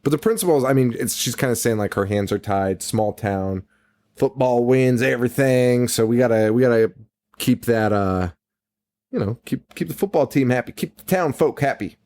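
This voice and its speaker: A man co-hosting a podcast, talking at a middle pitch in relaxed, casual chat. He recaps scenes with lively, swearing enthusiasm. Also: normal speed. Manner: animated, profane movie recapping. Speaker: podcast co-host.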